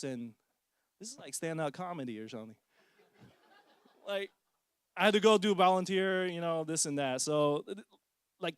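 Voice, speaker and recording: Man in his forties, higher voice, smooth and clear, dry close sound, casual self-mocking testimony. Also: no echo. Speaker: parent sharing testimony. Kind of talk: personal testimony talk.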